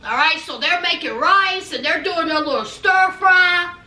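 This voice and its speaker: A woman with a very high, bright voice gives a sassy, slow, drawn-out recap of a reality show. She talks straight to her listeners and keeps calling them honey. The mic sits some distance away in an echoey room. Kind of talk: sassy casual recap commentary.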